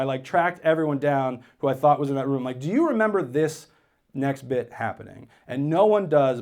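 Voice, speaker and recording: A man's voice: medium pitch, a little mellow. A man in his thirties doing stand-up comedy on stage, telling a story in a conversational way and quoting people as he goes. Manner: conversational storytelling with quoted asides.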